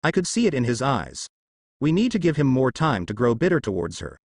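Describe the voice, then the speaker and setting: A man voicing a cold young ninja who sounds annoyed with everyone. The read has lively pitch and a dry, close sound. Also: brisk, no echo.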